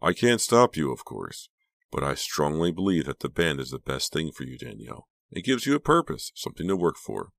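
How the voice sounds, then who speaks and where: A man reading an audiobook, voicing a calm, gentle male psychiatrist who speaks softly and reassuringly. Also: extremely low pitch, a little fast, vocal fry, no room sound, full character voice.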